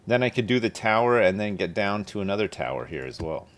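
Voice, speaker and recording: A man hosting a live gameplay stream, chatting casually and tripping over his words when excited. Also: on the low side, fast, noisy background. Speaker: streamer host.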